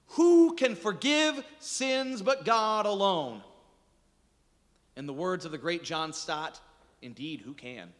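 A man preaching a sermon in a church, animated and joking as he acts out scripture quotes. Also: high-pitched. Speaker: pastor. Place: church sanctuary. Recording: reverberant hall.

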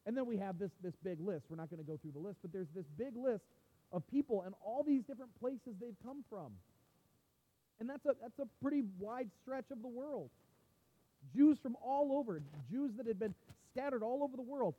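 A man with a high voice preaches to his congregation in a chatty, off-the-cuff way, often restarting his sentences and breaking into asides. The sound is a little dull and muffled, with a long reverb trailing off the walls of a church sanctuary. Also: lively intonation, moderate pace. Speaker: pastor. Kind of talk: sermon.

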